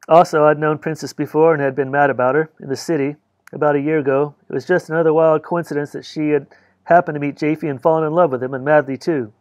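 A man reading a novel aloud as an audiobook, in a measured storytelling manner. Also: fairly high pitch, fairly even intonation, a little mellow, no room sound. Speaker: audiobook reader. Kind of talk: audiobook narration.

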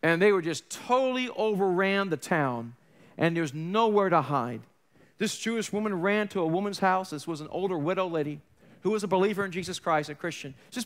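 High-voiced preaching man, storytelling. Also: expressive, fairly quick. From New York area. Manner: storytelling, acts out quoted voices, swings loud and soft. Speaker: pastor. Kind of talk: sermon.

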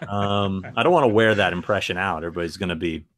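A man's voice: sits low, animated, very fast, a bit bright. A man co-hosting a live horror podcast in casual chat, playful and prone to restarts. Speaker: podcast co-host.

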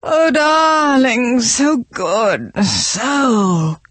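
A woman's voice: very animated, very slow, fairly bright tone, breathy edge, dry recording, full character voice. An unhinged snobbish society lady. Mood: hysterical. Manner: shrill, imperious, swings between sighs and screams. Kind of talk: video game character barks.

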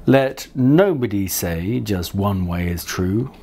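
A man doing a gentle poetic lion. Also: fairly low pitch, lively intonation, slow pace, slight background noise. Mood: calm. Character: gentle poetic male lion, kind and thoughtful.

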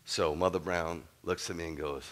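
A man preaching a sermon as a rabbi, telling a story with humor, moving from quiet asides to loud punchlines. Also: deep voice, steady tone, normal speed.

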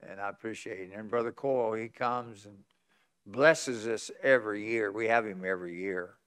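Man, 80s, West Virginian accent, pastor, folksy sermon storytelling, bright forceful tone. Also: on the low side, moderate pace, clear, resonant tone. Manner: folksy storytelling, chuckles often. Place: church conference hall.

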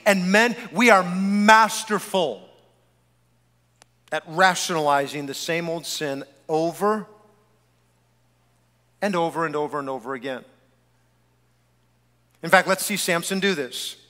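A male pastor delivers an animated sermon, teasing and addressing the congregation directly. His voice sits high and sounds bright and forceful. A long church-hall reverb trails his words. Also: slow pace, long pauses. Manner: animated, joking preacher speaking straight to the congregation. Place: church sanctuary.

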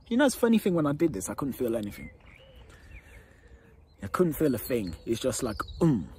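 A dating coach tells his own story to the camera, candid and earnest, repeating phrases for emphasis and now and then dropping to a hush. His voice sits on the low side, with slight background noise.

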